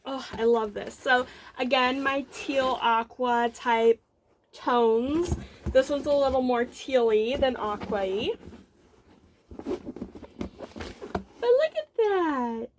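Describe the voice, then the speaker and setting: Casting a young woman, high voice, unhurried, excitable rambling crafting chat. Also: noisy background. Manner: bubbly, rambling, many fillers, excited gushing. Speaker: knitting podcast host. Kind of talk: casual show-and-tell chat.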